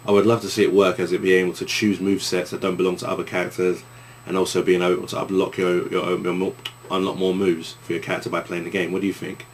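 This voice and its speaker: Young East London man, deep voice, loose rambling vlog Q and A delivery. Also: little pitch movement, fast talker, a little hiss or hum. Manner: rambling, with many restarts and fillers. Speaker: YouTuber answering viewer questions. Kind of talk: casual Q and A vlog.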